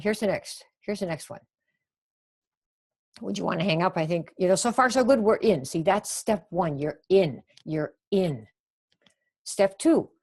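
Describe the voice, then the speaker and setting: This sales coach, a woman with a medium-pitched, darkish voice, teaches a live webinar in a chatty, coaching style. She picks up on viewer comments throughout and performs sample phone lines.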